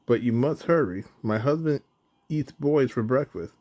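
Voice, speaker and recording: A man voicing a giant's anxious wife in a storybook reading, giving hurried warnings. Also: medium pitch, lively intonation, natural voice. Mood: urgent. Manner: urgent, hushed warnings.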